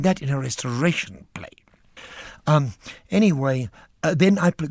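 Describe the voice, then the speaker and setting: Gravelly older actor. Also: male voice, mid-range voice, no room sound. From South Africa. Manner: animated, theatrical storyteller with flamboyant asides. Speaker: actor telling theatre stories. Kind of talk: theatrical anecdote in a radio interview.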